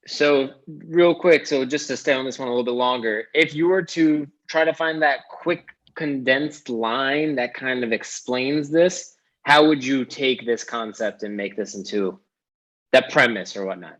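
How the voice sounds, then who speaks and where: A man's voice: medium pitch, unhurried, fairly bright tone, poor audio. A man in a casual interview, asking rambling questions about how jokes get written. His voice sits in a plain middle range, and his questions trail and restart as he works them out.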